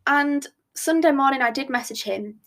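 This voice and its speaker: Woman podcast host, casual storyteller, slightly high voice, self-mocking. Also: normal speed, fairly bright tone.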